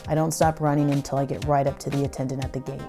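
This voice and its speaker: A woman's voice: a bass voice, flat delivery, very fast, mellow, faint music behind. A woman telling a first-person story in a breathless, dramatic way, swearing now and then.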